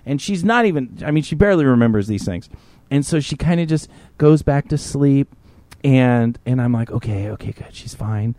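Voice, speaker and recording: A man's voice: medium pitch, expressive, normal speed, dark tone, no room sound. A man hosting a podcast and telling a story in casual, profane chat. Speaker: podcast host.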